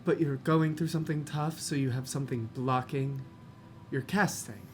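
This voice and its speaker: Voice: mid-range voice, steady tone, normal speed, a little hiss or hum. Earnest player musing in character. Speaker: player voicing her character. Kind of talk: in-character tabletop role-play.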